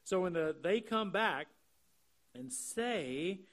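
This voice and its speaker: A man with a notably high voice preaching an expository sermon. He talks earnestly and walks through the text line by line. He draws out key phrases slowly for emphasis. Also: lively intonation, fairly bright tone. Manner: earnest, explanatory, slows down to stress key phrases. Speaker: pastor.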